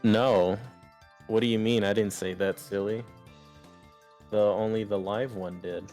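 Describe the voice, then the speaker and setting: Young guy dm'ing a tabletop game, kinda rambly, deep monotone voice, faint music behind. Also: measured pace. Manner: loose, rambling narration with many fillers. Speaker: game master. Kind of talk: running a tabletop game over voice chat.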